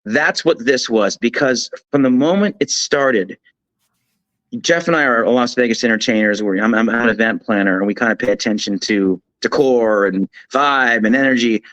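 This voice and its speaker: A man talking as a guest commentator on a political talk show, emphatic and animated, telling things as a story with frequent restarts. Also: mid-range voice, normal speed, no echo, poor audio.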